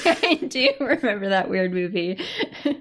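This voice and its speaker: A woman's voice: mid-range voice, expressive, measured pace. A woman co-hosting a podcast, recapping a TV drama in casual chat, laughing often and telling the story with animation. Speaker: podcast co-host.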